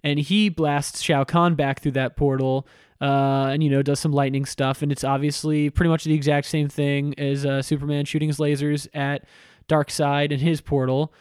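A man's voice: on the high side, flat delivery, normal speed, a little mellow, smooth, no echo, clean studio sound. A man casually recapping a video game story, chatty and irreverent, with swearing and lots of fillers.

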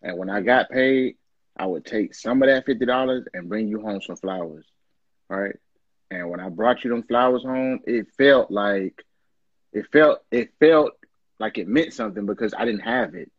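Low husky married man, reflective. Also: normal speed, no echo, dull audio. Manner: reflective, relaxed storytelling. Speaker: podcast co-host. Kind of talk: casual chat.

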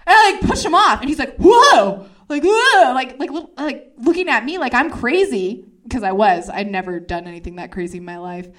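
A young woman telling a stand-up comedy story, talking fast and acting out every voice in it. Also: on the high side. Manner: fast, animated, acts out every voice in her story.

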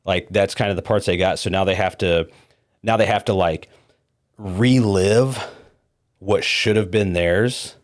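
A man's voice: low-pitched, measured pace. A man hosting a podcast with opinionated, dismissive commentary. He often stumbles over repeated words and fillers. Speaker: podcast host.

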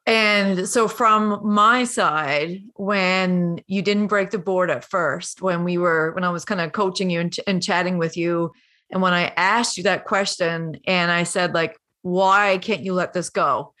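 Brief: woman coach, bright forceful voice, encouraging and emotional, near tears. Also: fairly low pitch, unhurried. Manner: warm, encouraging, tearful at times. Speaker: coach and host. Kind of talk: emotional conversation.

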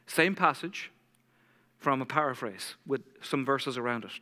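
Intense fast-talking pastor, hall reverb. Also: male voice, medium pitch. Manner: intense, fast-talking preacher who drops to a soft hush for scripture. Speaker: lead pastor. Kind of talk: sermon. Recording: long church hall reverb.

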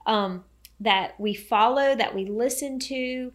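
A woman co-hosting a podcast talks casually about health and hope, enthusiastic and encouraging with a faith-tinged outlook. Her voice is a little high, and she speaks slowly.

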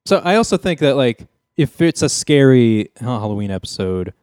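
A man hosting a casual podcast chat, retelling a TV episode with jokes and quick impressions of the characters. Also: mid-range voice, sing-song, a little mellow, clean tone, no echo, clean studio sound. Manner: joking storyteller, mimics characters' lines. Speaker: podcast host recapping a sitcom episode.

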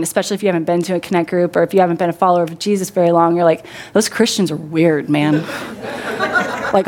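A woman preaching a sermon in a lively way, often asking her congregation questions and laughing. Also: on the low side.

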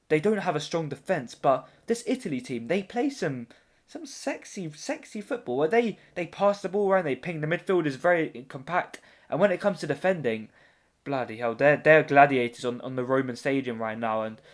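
A man hosting a casual football podcast, joking and rambling as he leads the chat. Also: fairly high pitch. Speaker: podcast host.

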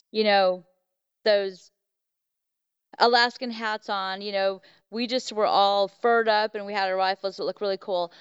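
Rambling woman with a smooth, resonant voice. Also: medium pitch, dry recording, muffled recording. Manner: rambling, full of fillers and restarts. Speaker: podcast guest. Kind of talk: casual storytelling.

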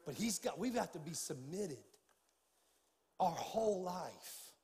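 High-voiced pastor preaching in a reverberant hall. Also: male voice, expressive, slow pace, a little mellow. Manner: preaching with rising fervor, casual folksy asides. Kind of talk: sermon. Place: large church sanctuary.

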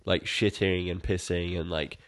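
Man, podcast co-host, fairly low voice, rambling casual film chat, swears a lot. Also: steady tone, measured pace. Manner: rambling, profane, acts out characters in quotes.

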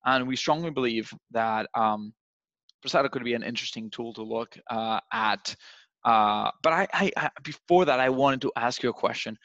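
Animated young male sales coach. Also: medium pitch, normal speed, dry recording. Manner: animated, acts out phone calls in different voices. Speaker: sales trainer. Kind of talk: coaching session on cold calling. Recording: dull, slightly lo-fi dry sound.

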